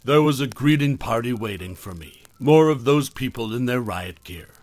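A man narrating a first-person horror story in a measured, scripted way, his phrases often trailing off softly. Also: mid-range voice, expressive, no room sound.

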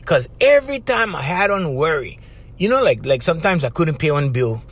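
Middle-aged man, Hawaiian Pidgin accent, slightly high voice, very animated, casual chatty podcast host. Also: moderate pace. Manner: animated, chatty, addresses listeners directly with 'bruh' and 'right?'. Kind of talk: casual motivational talk.

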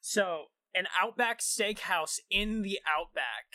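A man co-hosting a comedy chat, talking in halting stops and starts and asking questions to keep up. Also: high voice, animated, pushed and bright, no room sound, studio quality.

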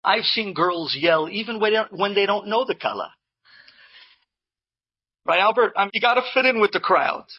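A man telling an inspirational story to a live audience in an animated way, with Hebrew and Yiddish terms mixed in. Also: high-pitched, moderate pace, long pauses, slightly rough, muffled recording. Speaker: Torah speaker telling inspirational stories.

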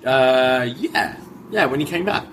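A man's voice: medium pitch, animated, slow pace, a bit bright, slight background noise. A man co-hosting a podcast in casual chat, joking and chuckling between remarks. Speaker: podcast co-host.

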